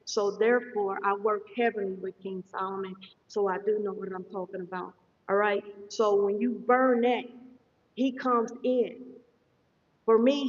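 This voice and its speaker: A woman giving a live-streamed meditation lesson as a spiritual teacher, talking fast and checking in with her listeners often. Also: a little high. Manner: fast-talking, says so herself; instructive, checks in often with "okay?". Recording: distant, echoey, dull sound.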